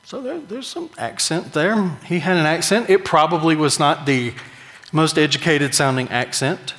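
A man's voice: fairly high pitch, expressive, normal speed, a bit bright. A man preaching a sermon in a conversational, joking way, with emphatic rises. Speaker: pastor. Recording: long hall reverb.

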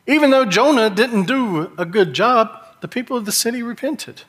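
A man's voice: very high voice, lively intonation, moderate pace, a bit bright, big-room sound. A middle-aged man, preaching a sermon in a folksy storytelling way and mimicking characters' whining voices. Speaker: pastor.

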